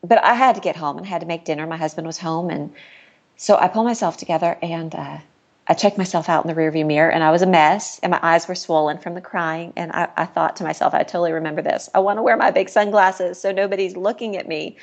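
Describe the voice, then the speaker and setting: A woman's voice: low-pitched, steady tone, quick pace, gravelly. A middle-aged woman, a podcast guest, telling a personal story in a candid, earnest way and laughing now and then. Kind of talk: personal storytelling in casual chat.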